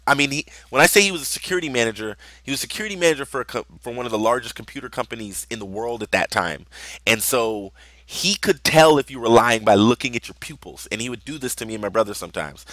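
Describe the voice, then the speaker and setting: A man's voice: mid-range voice, lively intonation, fast talker, pushed and bright, dry recording. A young man telling a personal story in a rambling, conversational way, with lots of fillers. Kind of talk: casual storytelling vlog.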